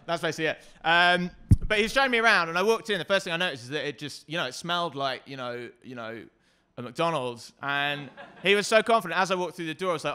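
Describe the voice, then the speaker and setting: A man doing a stand-up comedy set, self-deprecating and hesitant with many ums, sometimes breaking into loud shouted bits. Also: a little high, quick pace, smooth.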